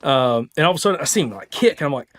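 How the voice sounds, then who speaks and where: A man with a Southern US accent, hosting a podcast, tells a hunting story in an excited, casual way, full of "like" and "dude". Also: on the high side, very fast. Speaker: podcast host.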